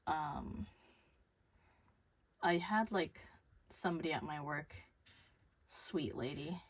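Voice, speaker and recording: A woman's voice: deep voice, slow pace, husky. A young woman rambling casually to camera, swearing freely and losing her train of thought. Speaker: vlogger.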